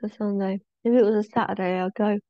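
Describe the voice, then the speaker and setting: A woman's voice: medium pitch, steady tone, quick pace, no room sound. A teenage girl from England chats as a guest on a podcast. She is playful and teasing, and giggles often. The recording is dry and slightly dull. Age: teen. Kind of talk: casual chat.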